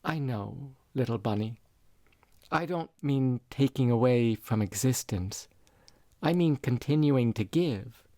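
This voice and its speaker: A man reading the part of a dying elderly mother, speaking softly and tenderly. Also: medium pitch, lively intonation, slow pace, dry recording, studio quality. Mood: musing. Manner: soft, tender, reflective.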